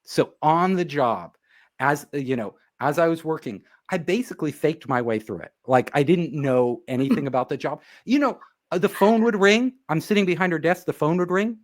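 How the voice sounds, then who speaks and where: A man's voice: fairly high pitch, normal speed. A man, a guest on an interview show, telling a story in casual conversation and acting out the people in it. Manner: animated, acts out quoted dialogue.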